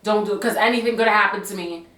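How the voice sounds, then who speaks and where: A young woman telling a personal story to her channel in a chatty, animated way full of slang and asides. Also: mid-range voice, fast talker. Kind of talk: casual storytime. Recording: echoey room.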